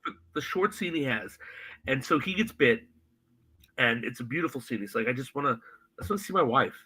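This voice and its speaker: A man co-hosting a podcast, chatting casually and retelling a TV scene with animated, acted-out quotes. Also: mid-range voice, brisk, breathy edge, poor audio. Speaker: podcast co-host. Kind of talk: casual chat recapping a TV episode.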